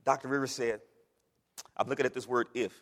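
A male pastor preaching a sermon with passion, swinging from quiet asides to loud cries. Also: medium pitch, steady tone, a little fast. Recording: long reverb of a large hall.

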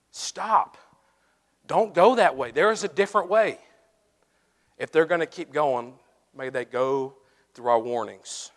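A man preaching a sermon and closing in prayer, telling stories animatedly, swinging from loud to hushed. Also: fairly high pitch. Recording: long hall reverb.

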